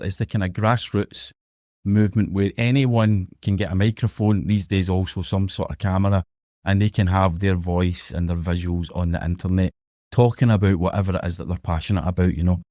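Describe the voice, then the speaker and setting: Low, mellow Glaswegian man. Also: no echo, clean studio sound. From Scotland. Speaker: podcast guest. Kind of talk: podcast interview.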